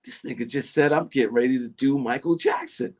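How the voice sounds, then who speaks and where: Animated New storyteller, middle-aged man. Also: mid-range voice, fairly quick. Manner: animated, acts out voices in his story. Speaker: interview guest. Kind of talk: casual storytelling.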